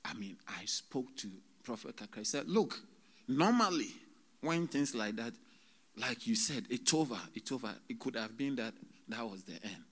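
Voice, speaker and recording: A man preaching a sermon to a congregation, swinging between loud exclamations and hushed, whispered retelling, halting often as he speaks. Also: mid-range voice, slightly rough. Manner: halting, with many restarts and drawn-out words. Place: church service.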